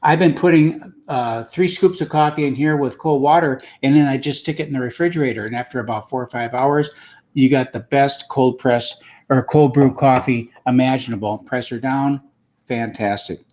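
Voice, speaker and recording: A man's voice: medium pitch, moderate pace, a little mellow. An older man hosting his own show, chatting in an upbeat, casual coaching way. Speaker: host. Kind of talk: casual motivational talk.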